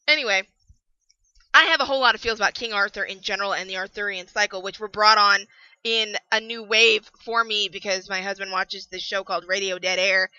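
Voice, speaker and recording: A young woman giving a ranting book review, animated and prone to bursts of yelling. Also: mid-range voice, smooth, no room sound, highs cut off.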